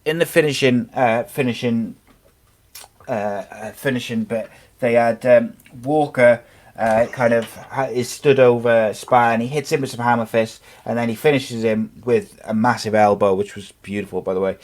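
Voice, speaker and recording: A man's voice: medium pitch, steady tone, normal speed, a little mellow. A man hosting a casual sports podcast, talking in a rambling way with many fillers and restarts. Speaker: podcast host.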